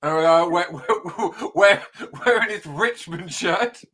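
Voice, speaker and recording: A man's voice: high voice, slow, pushed and bright. A British man hosting a casual podcast over a video call, playful and rambling with flustered asides. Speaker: podcast host. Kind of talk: casual chat.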